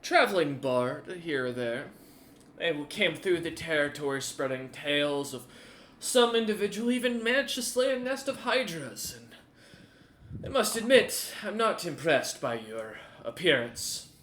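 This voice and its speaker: A man's voice: on the high side, very animated, a little slow, a bit bright, a little hiss or hum, pitched above the performer's own voice. Guy playing a ruthless warrior boss, taunting and theatrical, echoey room. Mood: menacing. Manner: mocking, menacing, theatrical. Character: ruthless, greedy, mighty male warrior chief.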